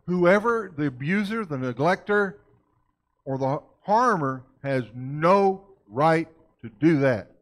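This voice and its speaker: Folksy higher-voiced man lecturing a congregation. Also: animated, takes it slowly. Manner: folksy, keeps asking the audience questions. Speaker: church lecturer. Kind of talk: conversational church lecture.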